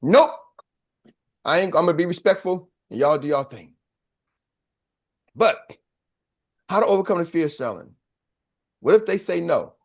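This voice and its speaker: Guy coaching sales reps, high voice, preachy call and response. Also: lively intonation, moderate pace, gravelly, long pauses. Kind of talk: motivational training talk.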